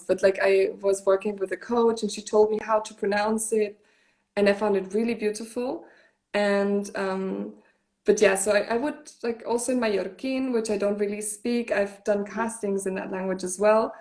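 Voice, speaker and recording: Chatty German actress, many fillers. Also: female voice, medium pitch, a little mellow. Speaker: actress, guest. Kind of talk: casual interview chat.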